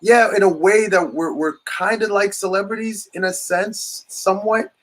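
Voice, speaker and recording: A man's voice: high voice, fairly even intonation, normal speed, fairly bright tone. Rambling enthusiastic male podcast host. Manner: rambling, restarts often, enthusiastic. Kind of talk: casual chat interview.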